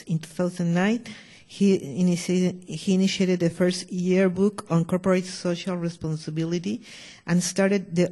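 Moderator, soft mellow timbre, halting reader. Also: mid-range voice. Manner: stumbling over names and numbers. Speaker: conference moderator. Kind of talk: reading an introduction.

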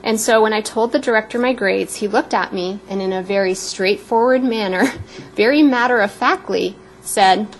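A woman in her fifties from Canada giving a prepared, personal speech as a guest speaker, warm and a little emotional. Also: mid-range voice, normal speed, slight background noise, rough recording.

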